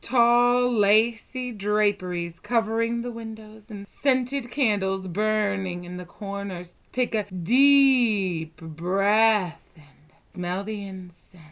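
A woman in a whispered role-play, speaking as a dominant hypnotist with a soft, commanding, drawn-out delivery. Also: medium pitch, highs cut off.

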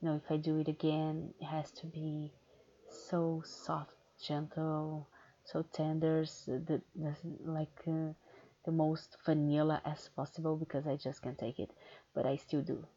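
A woman with a low, gravelly voice talks slowly and candidly in a casual question-and-answer chat, pausing often on fillers. The recording sounds dull and lo-fi. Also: completely flat delivery, dark tone. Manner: candid, hesitant with many fillers. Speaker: erotic audio creator.

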